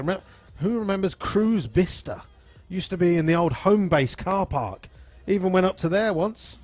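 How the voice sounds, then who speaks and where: An easygoing man in his forties chats his way through a live stream, rambling between stories and viewer shout-outs. Faint music plays softly behind him. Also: a little high. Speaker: live-stream host at a drag racing venue. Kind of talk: casual live-stream chat reading viewer comments.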